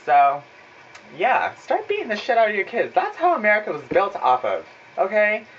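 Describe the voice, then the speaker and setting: A man's voice: high-pitched, huge pitch swings, moderate pace, slight background noise. A young man telling a sarcastic, profane story in a casual vlog from his home kitchen, filmed on a phone. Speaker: vlogger. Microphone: phone camera. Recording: dull phone recording.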